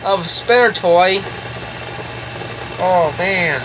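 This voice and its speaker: A woman's voice: fairly low pitch, very slow, background noise. A woman vlogging a toy review, gushing and giggling as she repeats exclamations over and over. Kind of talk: excited toy review vlog.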